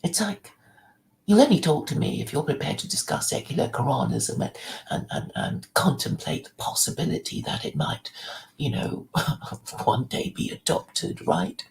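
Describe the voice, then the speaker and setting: A woman hosting a casual livestream, her fairly low voice gravelly with vocal fry. She rambles and restarts her sentences, and her pitch swings widely as she drifts into soft, half-whispered asides. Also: wildly swooping pitch, normal speed, a little hiss or hum, poor audio. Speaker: livestream host.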